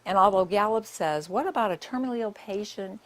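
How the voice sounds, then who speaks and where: A woman's voice: mid-range voice, a little fast. An older woman, a nurse, giving a public talk and telling her stories in a conversational way with many asides.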